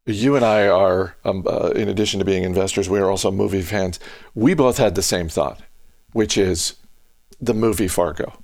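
A man's voice: sits low, moderate pace, darkish tone, no room sound, studio quality. A man hosting a casual podcast chat, musing aloud with lots of hesitant restarts. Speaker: podcast host.

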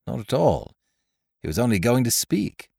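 A man's voice: medium pitch, big pitch swings, normal speed, vocal fry, slightly rough, no room sound, clean studio sound, heavily acted. A man voicing a good-natured carrier who speaks up heartily. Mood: hearty. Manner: hearty, raised and loud.

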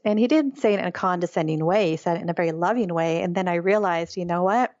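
A woman's voice: lowish voice, fast talker, few pauses, darkish tone, dry recording, muffled recording. A middle-aged woman, a guest, telling her story in an earnest, reflective way during an interview. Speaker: guest, author. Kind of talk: interview conversation.

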